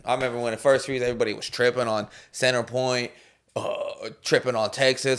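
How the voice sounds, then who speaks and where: A man's voice: medium pitch, flat delivery, brisk, clean tone. Slangy man hosting a casual podcast. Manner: loose, slangy, storytelling with acted-out quotes. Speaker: podcast host. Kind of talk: casual chat. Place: home room with his dog.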